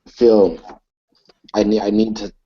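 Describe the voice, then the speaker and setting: Man, in-character tabletop player, slow and halting, mellow tone, lo-fi recording. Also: fairly low pitch, flat delivery. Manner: hesitant, halting with many fillers. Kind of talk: in-character tabletop role-play. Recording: dull lo-fi recording.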